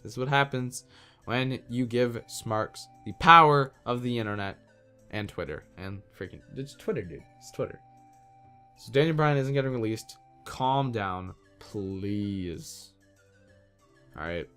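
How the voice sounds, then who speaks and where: A man's voice: mid-range voice, expressive, normal speed, sharp tone, clean tone, faint music behind. A man hosting his own podcast, ranting in an exasperated, casual, slangy way. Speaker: podcast host. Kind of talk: solo wrestling podcast rant.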